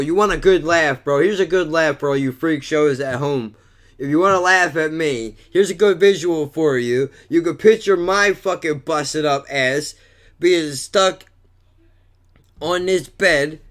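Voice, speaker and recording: Man, vlogger, rambling monologue, crude swearing, self-mocking, somewhat high-pitched. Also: a bit bright.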